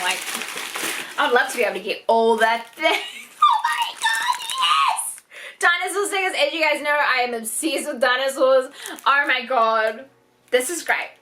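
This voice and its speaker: A young New Zealand woman unboxing a gift box in a vlog, gushing and excitable, gasping and squealing over each item. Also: on the high side, noisy background. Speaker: YouTuber.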